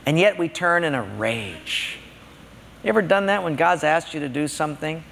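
A man's voice: fairly high pitch, lively intonation, moderate pace, gravelly, fairly bright tone, slight background noise. A man preaching a sermon in a conversational, storytelling way. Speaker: pastor. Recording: long hall reverb.

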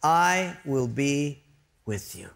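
A man voicing God as a calm, reassuring presence. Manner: slow, soft, low. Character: calm deep divine male voice, reassuring.

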